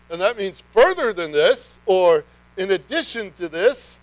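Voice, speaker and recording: A man preaching a sermon, his voice sitting a little higher than most men's. He talks conversationally with the congregation, then swells into emphatic bursts. A faint mains hum runs beneath the recording. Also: animated, normal speed, dry recording, low-quality recording. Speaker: pastor.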